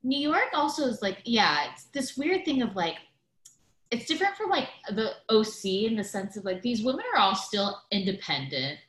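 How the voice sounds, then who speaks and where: A woman's voice: fairly high pitch, sing-song, normal speed, fairly bright tone, roomy sound. A woman in casual podcast chat, talking in a gossipy way with many fillers. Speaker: podcast guest.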